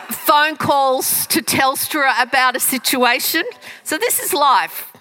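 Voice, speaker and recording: A woman giving a lively talk to an audience, often restarting her sentences. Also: sits high, rough recording. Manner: lively, animated, with frequent fillers and restarts. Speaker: speaker teaching communication skills.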